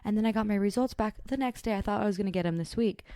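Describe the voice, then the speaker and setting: A woman's voice: mid-range voice, very fast, no echo, studio quality. A young woman co-hosting a podcast, telling a story in casual chat and acting out what people said. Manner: animated storyteller, acts out quotes. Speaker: podcast co-host.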